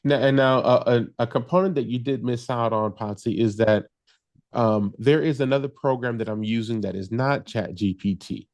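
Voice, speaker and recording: A man's voice: mid-range voice, moderate pace, darkish tone, no room sound. Male tech guest explaining step by step. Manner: explains step by step, laughs easily. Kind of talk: casual podcast chat.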